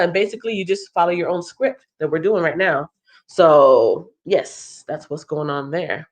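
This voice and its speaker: A woman with a lowish voice hosts a casual livestream. She sounds stuffed up and congested, and she chats loosely as she thinks aloud. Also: moderate pace. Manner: chatty, thinking aloud with fillers. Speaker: livestream host.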